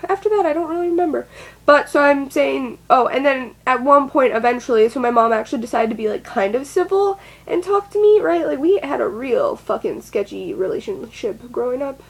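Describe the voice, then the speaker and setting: A woman's voice: sits high, lively intonation, fairly quick, slightly rough, low-quality recording. A young adult woman telling a personal story in a casual, rambling way, swearing often and filling with "like". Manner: rambling, swears a lot, frequent "like" fillers. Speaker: vlogger.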